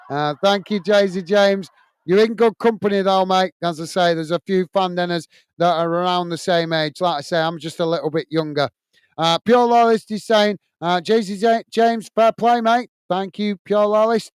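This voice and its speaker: A man in his forties, a football channel host from England, chatting through viewer comments on a live watch-along and grumbling at laggy software. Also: sits high, clean tone, dry recording.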